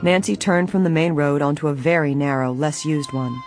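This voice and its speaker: An audiobook narrator reading a mystery novel at a steady, even pace. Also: medium pitch, moderate pace, soft background music.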